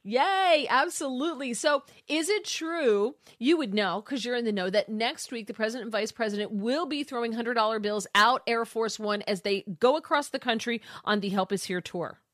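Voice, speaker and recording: A woman's voice: on the high side, moderate pace, few pauses, fairly bright tone, no echo, studio quality. A woman hosting a talk radio show, chatting in a loose, giggly way with lots of fillers. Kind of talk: casual talk radio chat.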